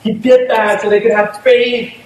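A man with a high voice gives a lively, chatty sermon, laughing at his own points. He is picked up from some distance in an echoey room with a faint hiss underneath. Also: normal speed. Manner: animated, conversational preaching with laughs. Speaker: pastor.

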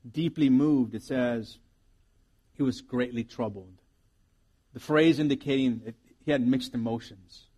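A man's voice: mid-range voice, a little mellow, slightly rough. A man preaching a sermon as pastor, earnest and reflective, often restarting his sentences.

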